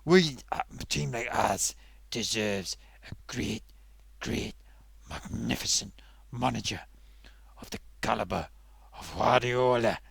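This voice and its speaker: A melodramatic male potato, a doom-laden football fan, as a man puts him on. His pitch leaps and sags as he swings from grand declarations to hushed despair. The recording is dry and close. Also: sing-song, takes it slowly, gravelly, dry recording, heavily acted. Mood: grandiose.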